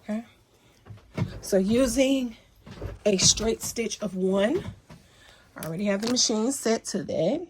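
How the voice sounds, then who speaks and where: A woman's voice: on the high side, animated, slow pace, long pauses, darkish tone, a little hiss or hum. A woman hosting a casual sewing tutorial at home, chatty and folksy with apologetic asides, a little sniffly, recorded on a phone by her sewing machine. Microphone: phone mounted near sewing machine.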